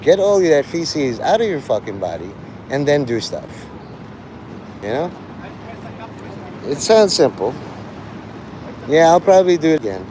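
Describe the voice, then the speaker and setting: A man's voice: fairly high pitch, big pitch swings, unhurried, long pauses, background noise. A man chatting crudely and sardonically on a rambling live stream.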